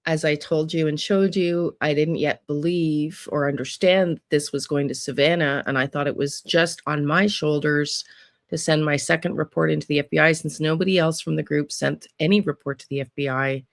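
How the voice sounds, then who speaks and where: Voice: medium pitch, steady tone, moderate pace, creaky, dry recording, clean studio sound. An American true crime psychic host talking casually to viewers in a rambling monologue full of restarts and trailing asides.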